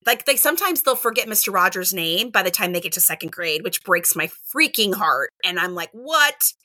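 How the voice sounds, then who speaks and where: A middle-aged woman, a kindergarten teacher, talking casually in an interview, animated and acting out quoted exchanges with lots of "like" and "right?". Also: lowish voice, a little fast, no echo.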